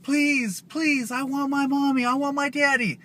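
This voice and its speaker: A man's voice: very high-pitched, flat delivery, a little slow, pushed and bright, voice pushed up, heavily acted. A man voicing small children who whimper, overfull of candy.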